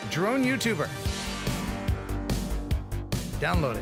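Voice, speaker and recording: A man's voice: high voice, big pitch swings, brisk, gravelly, loud music behind the voice. A man hosting a casual live stream, talking in a playful, hesitant way with lots of restarts. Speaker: host.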